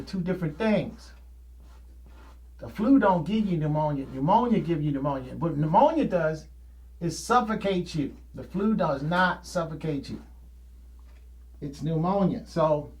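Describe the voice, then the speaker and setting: A man hosting his own painting show, talking in a casual, plain-spoken, folksy ramble and laughing often. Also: high-pitched.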